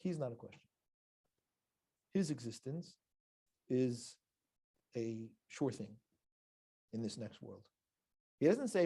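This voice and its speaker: A male rabbi teaches a religious lesson, retelling a story with animated energy. He breaks off to chuckle between lines and speaks at a middling pitch. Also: slow pace, gravelly, pauses often, slightly rough.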